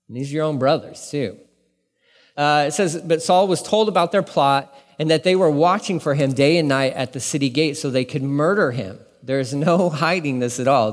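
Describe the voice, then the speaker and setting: A man preaching a casual sermon as a pastor, animated and conversational, acting out bits of dialogue as he teaches. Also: medium pitch. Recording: long reverb in a large room.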